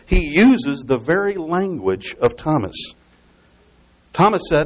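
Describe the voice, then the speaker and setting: A man's voice: a little high, big pitch swings, slow. A man preaching a Bible exposition sermon. He repeats key phrases for emphasis and explains scripture step by step.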